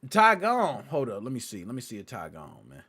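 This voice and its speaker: A man's voice: medium pitch, wildly swooping pitch, brisk, fairly bright tone, breathy edge. A man hosting a casual gaming podcast, joking around in loose, slangy banter. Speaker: podcast host.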